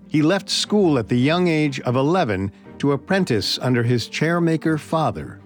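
A male podcast host narrates history with dramatic storytelling. His pitch is lively and varied, with faint music under some passages.

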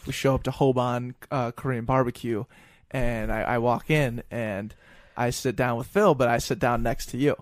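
A man's voice: medium pitch, steady tone, moderate pace, no echo. A man hosting and producing a podcast, easygoing and agreeable, thinking aloud with fillers. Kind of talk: casual podcast conversation.

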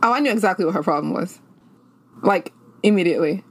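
A woman co-hosting a podcast, talking through a sitcom in casual, candid, slangy chat. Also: on the low side. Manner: candid, slangy, quick reactions. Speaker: podcast co-host.

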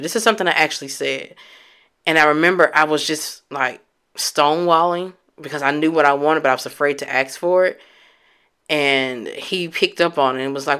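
Bright-voiced woman sharing candidly. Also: sits low, smooth. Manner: candid and emotional, swears casually; reflective, halting restarts. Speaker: vlogger. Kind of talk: personal storytelling.

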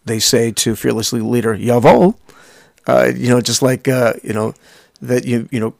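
A man's voice: medium pitch, little pitch movement, normal speed, gravelly, no room sound, studio quality. A man in his fifties co-hosting a podcast in casual chat, rambling on with many restarts. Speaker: podcast co-host.

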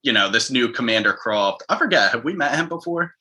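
A man co-hosting a podcast in casual chat, animated, mimicking quotes with big jumps in pitch. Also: fairly quick. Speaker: podcast co-host.

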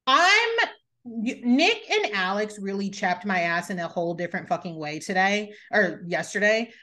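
A woman's voice: mid-range voice, moderate pace. A woman hosting a podcast, recapping a reality show in casual, blunt chat with plenty of swearing. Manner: blunt, animated, swears freely. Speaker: podcast host.

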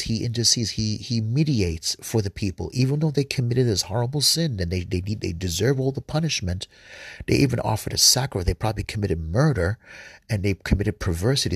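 Husky low-voiced man teaching scripture. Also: dry recording, clean studio sound. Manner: repeats words and restarts often, earnest. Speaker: Bible study host. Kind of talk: informal scripture commentary.

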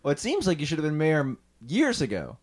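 A man's voice: fairly high pitch, wildly swooping pitch, fast talker. A man co-hosting an improv comedy podcast, joking and reassuring. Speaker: podcast co-host.

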